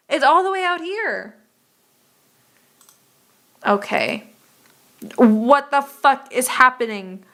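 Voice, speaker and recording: Young woman streamer, higher voice, unhurried delivery, casual swearing, exasperated muttering. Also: fairly bright tone. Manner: profane, exasperated muttering while playing. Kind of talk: casual game stream chat.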